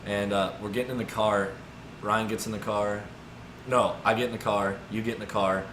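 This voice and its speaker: Young male podcast host, low-ish voice, loose rambly storyteller, roomy echo, noisy background. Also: normal speed. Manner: rambling, lots of "like" and "dude", animated retelling. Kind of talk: casual storytelling chat. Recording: echoey room with background noise.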